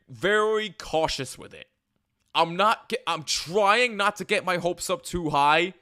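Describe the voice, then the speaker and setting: A man hosting a podcast, giving an excited live reaction, laughing often and restarting his sentences. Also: fairly high pitch, clear, resonant tone. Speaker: podcast host reacting to a trailer.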